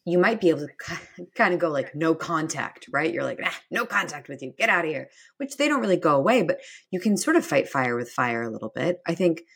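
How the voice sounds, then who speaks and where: Woman with a low, husky voice; thoughtful co-host who qualifies her points as she goes. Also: big pitch swings, fairly quick. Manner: thoughtful, hedging, many "right?" tags. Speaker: podcast co-host, career coach. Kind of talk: casual podcast discussion.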